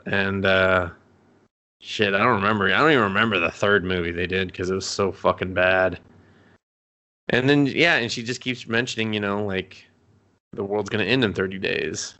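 Podcast guy recapping a show, kinda low voice but bright and forceful, swears a bunch, rambles on. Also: normal speed. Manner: rambling, swears a lot, acts out characters' lines mid-story. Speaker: podcast co-host. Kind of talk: casual chat recapping anime episodes.

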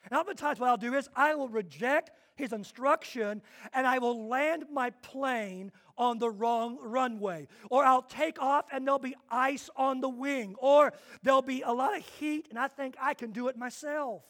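A man preaching a sermon to his church, swinging between quiet asides and loud, emphatic declarations. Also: very high voice, moderate pace, few pauses. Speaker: pastor.

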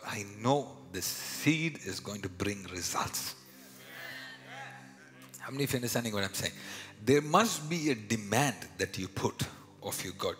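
A man with an Indian accent preaching a sermon, dropping to hushed whispers and rising to loud declarations. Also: fairly low pitch. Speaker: pastor. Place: church hall. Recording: live church hall with long reverb, music behind.

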